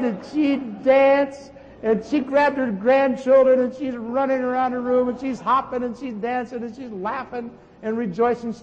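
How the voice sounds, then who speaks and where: A man preaching a sermon and telling healing stories in an animated way, with sudden shouts. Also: fairly high pitch, highs cut off, slight background noise. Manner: animated storytelling, bursts of shouting. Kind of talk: sermon teaching with testimony. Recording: long hall reverb.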